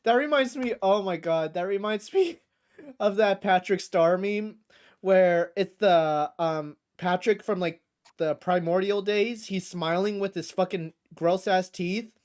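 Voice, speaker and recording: Loud laughing woman streamer. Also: medium pitch, measured pace. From United States. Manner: loud, laughing, exaggerated outbursts. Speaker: streamer reacting to a debate. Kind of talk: casual profane chat.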